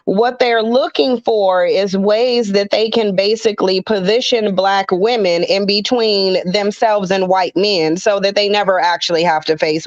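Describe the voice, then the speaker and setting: A woman co-hosting a podcast, making her case in a steady, assertive way, point by point. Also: medium pitch, dry recording, dull audio. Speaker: podcast co-host. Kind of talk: casual discussion.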